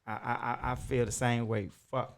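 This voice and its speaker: A man hosting a podcast, talking in a loud, emphatic, profane way that swings between shouting and muttering. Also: medium pitch, little pitch movement, a little fast. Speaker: podcast host. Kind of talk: casual chat.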